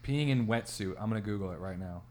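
A man's voice: lowish voice, fast, darkish tone. A man co-hosting a casual comedy chat, laid-back, laughing often and playing along with the jokes.

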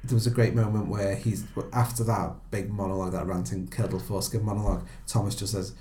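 A man's voice: on the low side, flat delivery, quick pace, mellow, echoey room, a little hiss or hum. Chatty man reviewing a film. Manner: chatty, relishes quoting lines aloud. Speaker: podcast host, film reviewer. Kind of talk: casual film discussion.

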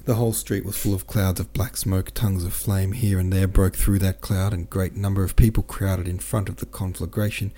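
A man narrating an audiobook in a steady, measured way. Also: low-pitched. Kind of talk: audiobook reading.

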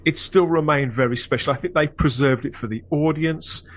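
A man hosting a fan podcast, talking in a wordy, reflective way with animated bursts. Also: on the high side, moderate pace, slight background noise. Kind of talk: casual chat and reflective narration.

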